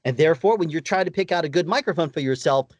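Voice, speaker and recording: Male guest, high-pitched, practical explainer tone, dry close recording. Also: fast, no room sound. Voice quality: higher-pitched voice. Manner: explanatory, practical, rhetorical questions. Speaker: audio engineer guest. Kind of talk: interview advice.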